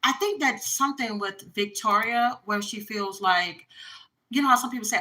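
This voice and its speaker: A woman's voice: mid-range voice, normal speed, pushed and bright, poor audio. A woman, chatting bluntly and casually through a tarot reading for her viewers. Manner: chatty, blunt, frequent fillers. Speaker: tarot reader.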